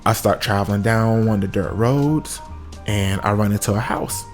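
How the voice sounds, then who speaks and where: A man telling a comic story from his own life, with sudden high-pitched exclamations. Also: normal speed. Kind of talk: comedic story time. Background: faint music.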